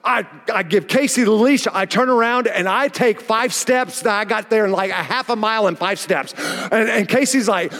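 A pastor with an Oklahoma accent preaching a sermon, telling a story with animated delivery and acting out the exchanges himself. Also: male voice, high voice, moderate pace, hardly any pauses, long reverb tail. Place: church auditorium.

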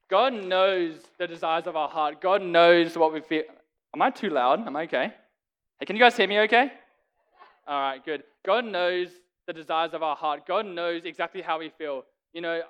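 A man's voice: sits high, fairly bright tone, smooth. A man giving an encouraging church talk to a group, preacherly in manner. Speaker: ministry speaker.

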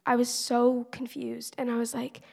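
Teen girl, slightly high voice with gravelly fry, earnest testimony, long reverb of a church hall. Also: completely flat delivery, moderate pace, warm tone. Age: teenager. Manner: earnest, conversational, many "like" fillers. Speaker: church member giving a testimony. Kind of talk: personal faith testimony.

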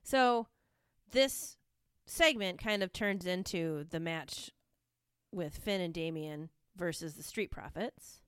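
A woman's voice: on the low side, slow, smooth, dry recording, clean studio sound. A woman co-hosting a podcast, chatting casually and enthusiastically about wrestling with lots of fillers. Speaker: podcast co-host. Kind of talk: casual chat recapping wrestling.

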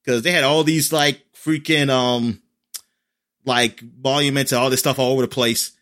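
A man chats casually as he recaps a show, rambling and leaning on fillers. His voice sits at a middling pitch and has a bright, forceful edge, and he jumps up in pitch whenever he acts out a quoted line. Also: moderate pace. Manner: rambling, filler-heavy, animated in quoted lines.

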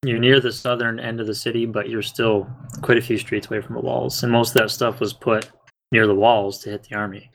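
A man running a tabletop game as dungeon master, narrating in an unhurried way. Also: mid-range voice, flat delivery, vocal fry. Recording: faint background noise.

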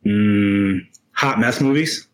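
A man's voice: on the low side, slow, low-quality recording. A man co-hosting a casual horror podcast, rambling with lots of fillers. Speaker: podcast co-host.

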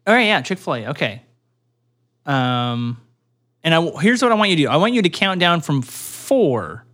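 Bright, animated man hosting a podcast. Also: on the high side, normal speed. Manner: animated, loud laughter. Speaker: podcast host. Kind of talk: casual chat.

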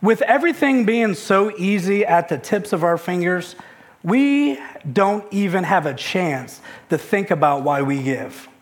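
A man's voice: high-pitched, expressive, unhurried. A man in his thirties preaching a sermon, telling a family story with quoted dialogue and often repeating words when he gets going. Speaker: pastor.

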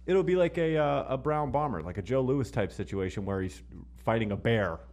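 A man co-hosting a podcast, trading dry jokes. His voice sits at an ordinary middle pitch, and his talk stays loose and offhand. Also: lively intonation, brisk, a little mellow. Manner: wry, joking commentary. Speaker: podcast co-host. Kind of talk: casual chat.

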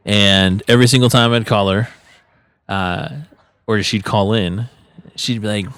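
An easygoing male co-host with a somewhat low voice, trading stories and trivia with a ready laugh. The recording is dry and close-miked. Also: fairly even intonation, a little slow, fairly bright tone, smooth, dry recording. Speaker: podcast co-host. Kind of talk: casual chat. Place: local market at an art college.

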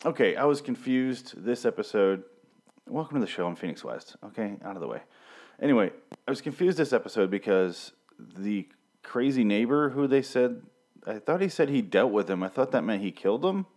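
A man in his thirties hosts a solo podcast reviewing a TV show, speaking into a studio mic with a pop filter. His mid-range, darkish voice is expressive and moderately paced, and his casual commentary rambles irreverently with frequent swearing.

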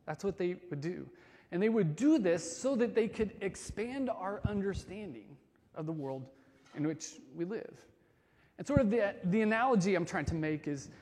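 A man giving a sermon as a pastor, conversational and casual, swinging between loud emphasis and soft, quiet stretches. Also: high-pitched, big-room sound.

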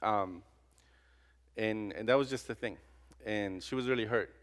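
A campus pastor with a lowish, slightly slow voice delivers a conversational personal testimony sermon. He keeps restarting sentences, uses fillers, and acts out the dialogue in his stories. A long hall reverb colors the recording.

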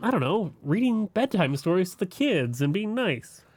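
A podcast co-host chiming in with fan trivia and quick jokes in casual chat. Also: medium pitch, very animated, darkish tone, no room sound.

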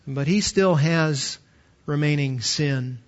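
A pastor in his fifties preaches in a notably high voice, pressing his points with emphatic, slowed stresses and rhetorical questions. The recording is muffled and lo-fi.

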